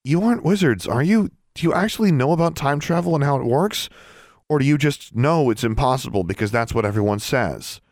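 A man's voice: medium pitch, very animated, moderate pace, a little mellow, dry recording, studio quality, pitched above the performer's own voice. A man voicing a determined, stubborn schoolgirl witch who presses her questions insistently in a raised voice, in a storybook reading.

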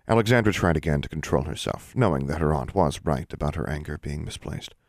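A man narrating a fantasy novel in an even storytelling manner, close to the mic. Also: extremely low pitch, fairly quick, gravelly, no room sound. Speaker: audiobook narrator. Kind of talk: scripted narration.

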